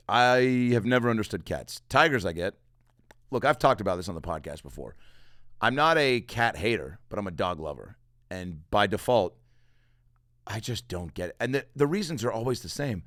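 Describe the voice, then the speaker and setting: A man's voice: on the low side, moderate pace, dry recording, clean studio sound. A man hosting a podcast, ranting comically with lots of swearing. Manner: profane, animated ranting. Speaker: podcast host. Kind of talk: comedic rant.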